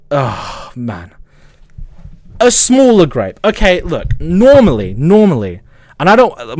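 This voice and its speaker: A man with a Southern English accent, streaming and ranting casually, swearing, angry and excitable, with a stutter. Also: on the high side, dry recording. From south of England. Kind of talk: casual livestream rant.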